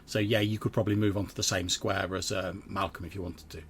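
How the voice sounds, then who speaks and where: A man's voice: sits low, flat delivery, fast talker, slight background noise. A young man narrating a tabletop game as game master, casual and vivid, with lots of fillers.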